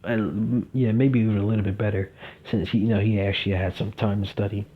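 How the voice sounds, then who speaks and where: A man's voice: lowish voice, fairly even intonation, a little fast, husky. A young man telling a fan-fiction story casually, rambling with lots of fillers, in a dull lo-fi recording.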